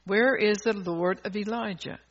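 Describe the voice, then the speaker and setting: A man preaching a sermon, fervent and rambling, who swings from soft asides to loud calls to the congregation. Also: sits high, fairly even intonation, moderate pace. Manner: rambling, with restarts and laughter. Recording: dull lo-fi recording.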